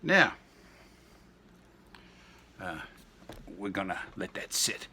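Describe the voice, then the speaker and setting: Bright-voiced rambling man in his sixties. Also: low voice, very animated, extremely slow, a little hiss or hum. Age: 60s. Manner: rambling, jokey asides and anecdotes. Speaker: home cooking vlogger. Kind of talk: casual kitchen demo chat.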